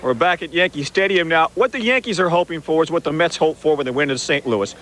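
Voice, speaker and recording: A male sports reporter giving a quick, wry live report from outdoors at a stadium. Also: a little high, a bit bright. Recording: 1980s TV with faint outdoor noise.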